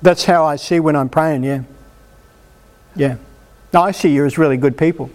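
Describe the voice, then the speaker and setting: Man, preacher, sermon, emphatic, exhorting, higher voice. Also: moderate pace. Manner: emphatic, animated, exhorting the congregation. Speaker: preacher leading a healing meeting.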